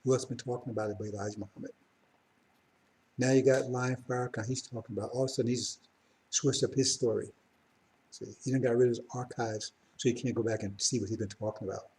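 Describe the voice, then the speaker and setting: A man in middle age giving a live religious talk to his followers. His voice is warm and mellow, and his delivery rambles, with restarts and asides. When he presses his message, it turns fervent and insistent. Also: medium pitch, steady tone, fast talker, a little hiss or hum. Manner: rambling, self-correcting, rising to fervent emphasis. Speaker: religious teacher.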